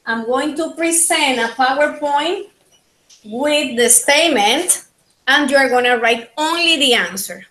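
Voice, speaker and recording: Slow high-voiced Panamanian teacher. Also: female voice, sharp tone, rough recording. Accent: Panamanian Spanish. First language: Spanish. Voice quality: slow, repetitive teaching delivery. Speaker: linguistics teacher. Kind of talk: online class lecture. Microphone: video call.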